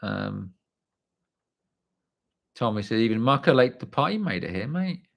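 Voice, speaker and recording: A man's voice: medium pitch, very animated, unhurried, creaky. A man, telling a story on a livestream and reading out viewer comments, chatty and blunt, swearing freely. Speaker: livestream host.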